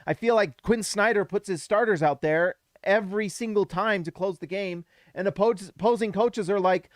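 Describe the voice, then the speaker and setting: A man's voice: high-pitched, moderate pace, hardly any pauses, dry recording. Fired-up man hosting a post-game stream. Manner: animated, emphatic, rises to shouts when hyped. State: voice going hoarse. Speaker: basketball show host.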